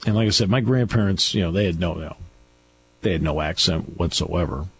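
A man's voice: low voice, fairly quick, a bit bright, slight background noise. A middle-aged man hosting a radio talk show, telling stories in a chatty way with restarts. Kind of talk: casual radio chat. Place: radio studio.

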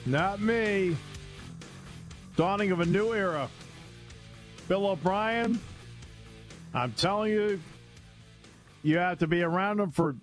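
A man hosting a sports talk radio show, chatting casually and telling animated stories with frequent laughter. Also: high voice. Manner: animated storyteller, laughs often.

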